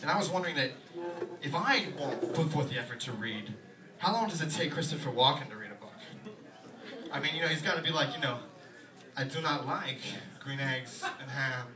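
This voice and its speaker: A man's voice: a little high, animated, distant mic. A young man doing a rambling stand-up comedy set in a small pub, full of fillers. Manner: rapid rambling delivery with fillers. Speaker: stand-up comic. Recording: echoey bar room, mic from afar, loud crowd.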